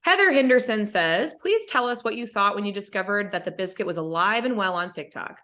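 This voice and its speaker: A woman hosting a podcast from a video call, her voice moving lively up and down. She talks in a loose, rambling way, full of ums and uhs. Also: medium pitch, brisk. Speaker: podcast host. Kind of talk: casual chat.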